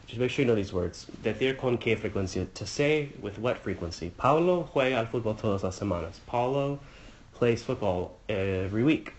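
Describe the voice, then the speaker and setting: A man with a fairly low voice talks through a review lesson, pausing with fillers and translating phrase by phrase. The recording carries a faint background hiss. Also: animated, low-quality recording. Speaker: Spanish teacher or tutor. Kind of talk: casual exam-review walkthrough.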